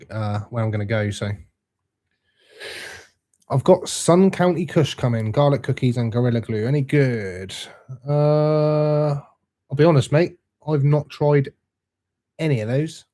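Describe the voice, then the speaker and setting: A man's voice: mid-range voice, darkish tone. A young man hosting a live stream, chatting casually and reading out viewer comments in a laid-back, matey way.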